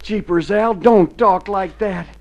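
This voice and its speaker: A man's voice: sits high, a little slow. Man doing a naive young frontier greenhorn. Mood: anxious. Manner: earnest and excitable. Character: naive young male wagon-train greenhorn. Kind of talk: comedy sketch acting on a record.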